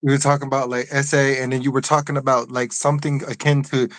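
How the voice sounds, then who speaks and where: A man's voice: medium pitch, level tone, fast, a bit bright, no echo. A man hosting a casual live discussion, earnestly explaining an idea with frequent restarts. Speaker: host.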